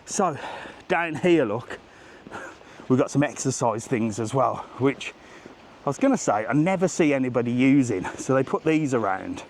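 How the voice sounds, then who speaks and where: A man's voice: medium pitch, expressive, moderate pace, darkish tone, a little hiss or hum. A man in his forties hosting a casual live travel vlog while walking along an outdoor seaside promenade. He talks in a chatty, rambling, jokey way. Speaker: travel vlogger host.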